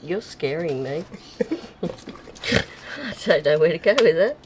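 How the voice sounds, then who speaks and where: A woman painting alongside a friend, sarcastic and playful, dropping casual swears. Her voice sits low for a woman and moves lively in pitch. A faint background hiss is there. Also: slow pace. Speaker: co-host fluid artist. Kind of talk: casual banter while painting.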